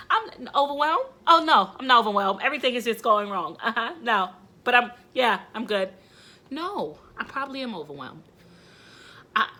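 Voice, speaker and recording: A young woman speaks to her camera in an unscripted vlog with a bright, forceful voice. She rambles and gets emotional, dropping to hushed asides before bursting out loudly. Faint noise sits under her speech. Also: mid-range voice. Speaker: vlogger and mother. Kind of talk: candid talking-to-camera vlog.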